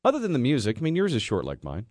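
A man co-hosting a radio show, teasing his partner and quick with comebacks in casual banter. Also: medium pitch, huge pitch swings. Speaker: radio co-host.

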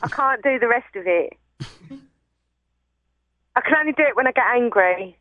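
A woman's voice: fairly high pitch, animated, normal speed. A woman in her forties with a London Cockney accent, calling in to a radio talk show with cheeky, dry jokes and frequent laughter. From England. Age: 40s. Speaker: caller. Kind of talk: call-in radio chat. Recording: muffled phone line.

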